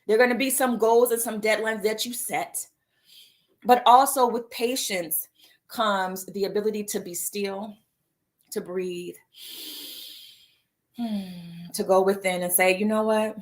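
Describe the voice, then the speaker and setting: A woman hosting a live mindfulness show, talking casually and playfully, reading viewer comments aloud and laughing easily between reflective stretches. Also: medium pitch. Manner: playful and animated, reads viewer comments aloud, frequent "right?" and "y'all"; laughs easily and slips into exaggerated voices for asides. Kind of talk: casual live-stream talk about setting an intention.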